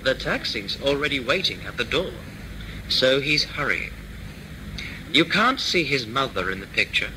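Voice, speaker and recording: Slow, careful male lesson reader. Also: medium pitch, very animated, bright, forceful tone, slight background noise, poor audio. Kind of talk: scripted lesson reading.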